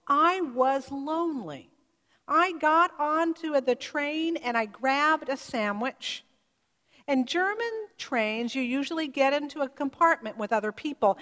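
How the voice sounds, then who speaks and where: A woman preaching, retelling a story in a measured, vivid way. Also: high-pitched, fairly bright tone. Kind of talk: sermon storytelling. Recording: reverberant hall.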